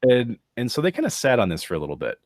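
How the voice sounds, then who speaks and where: A man's voice: mid-range voice, wildly swooping pitch, fast talker, no echo, studio quality. A man co-hosting a podcast, telling the story with joking asides. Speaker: podcast co-host. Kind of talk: casual storytelling chat.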